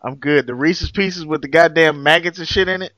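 A man's voice: on the high side, brisk, no room sound, muffled recording. A man from Missouri, a podcast co-host, telling profane stories in a casual chat. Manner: animated profane storytelling.

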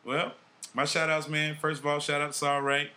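A man hosting a podcast in casual chat, animated, with heavy swearing and street slang. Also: on the high side, moderate pace. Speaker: podcast host.

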